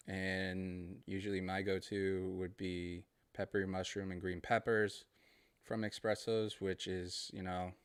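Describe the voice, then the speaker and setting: A man with a Boston accent rambles through a casual solo podcast in a friendly, easygoing way. His voice sits somewhat low and comes through smooth and clear. The recording is dry and close, with no room sound. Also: no echo. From Massachusetts. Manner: rambling, friendly, laughs between thoughts. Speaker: podcast host.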